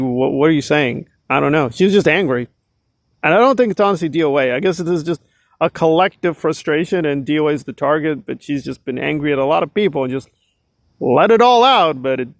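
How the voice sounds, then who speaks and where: High-voiced sarcastic man ranting. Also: vocal fry, no echo. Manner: sarcastic, exasperated, many filler likes. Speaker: commentary vlogger. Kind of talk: casual ranting commentary.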